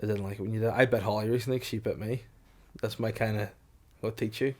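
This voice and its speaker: A man's voice: lowish voice, steady tone, fast talker, a little mellow. Man in his thirties, podcast co-host, crude joking storyteller, laughs a lot. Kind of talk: casual comedic chat.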